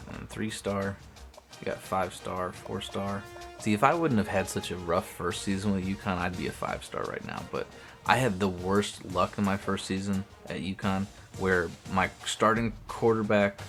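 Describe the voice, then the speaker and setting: Low-voiced man chatting over gameplay. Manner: talks to himself while playing, swears often, restarts sentences. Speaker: streamer. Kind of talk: casual gameplay commentary.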